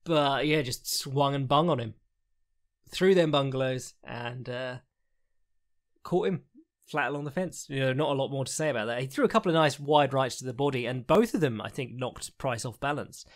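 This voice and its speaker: A man talking through a fight recap on his podcast, loose and rambling. He fills his thoughts with ums and uhs, swears now and then and laughs at his own remarks. His pitch sits in an ordinary middle range. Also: normal speed. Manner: rambling, frank, swears, frequent fillers and laughs. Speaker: podcast host, fight analyst. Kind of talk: casual solo commentary recap.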